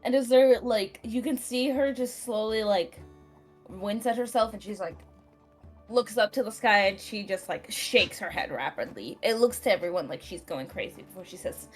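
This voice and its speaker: A woman playing a tabletop game, narrating her character and speaking politely in a soft, halting way. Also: mid-range voice, soft background music.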